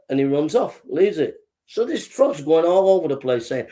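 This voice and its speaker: A man's voice: a little high, very animated, normal speed, mellow. A man telling jokes in a rambling way as a podcast host, laughing at his own punchlines. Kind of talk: joke telling.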